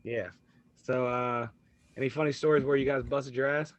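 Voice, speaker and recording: A man co-hosting a podcast, talking in an excited, rambling way. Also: mid-range voice, moderate pace, dry recording. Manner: excited, rambling fan talk. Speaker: podcast co-host. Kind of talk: casual chat.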